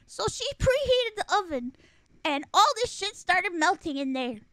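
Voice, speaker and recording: A young woman streamer, telling a story in an animated, profane, laughing way. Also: extremely high pitch, a little slow, dry recording. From Puerto Rico. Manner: animated, profane, laughing, bursts into loud acted outbursts. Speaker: live streamer. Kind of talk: casual storytelling.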